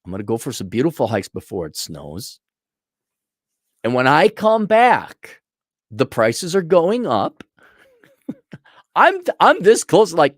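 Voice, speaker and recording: A man's voice: fairly high pitch, very animated, takes it slowly, pauses often, fairly bright tone, no echo, clean studio sound. A middle-aged man and consultant delivers a blunt, profane, exasperated rant to camera. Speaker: consultant and vlogger.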